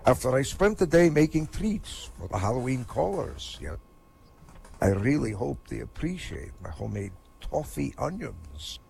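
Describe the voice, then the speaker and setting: A man's voice: mid-range voice, very animated, normal speed, creaky, darkish tone. A man doing a stand-up comedy set of corny jokes in a vampire persona, in an online voice chat.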